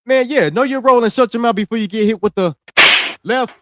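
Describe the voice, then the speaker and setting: A man's voice: extremely high pitch, a little fast, heavy background noise. A young man hosting a wrestling podcast, ranting in a heated, slangy, scolding way. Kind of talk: casual ranting commentary.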